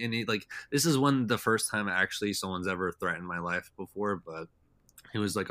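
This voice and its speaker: A man's voice: deep voice, a little fast, bright, forceful tone, no echo. A young man telling stories as a podcast guest in a loose, rambling way, full of "like" and "uh". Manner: rambling, heavy with "like" and "uh" fillers. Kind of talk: casual storytelling chat.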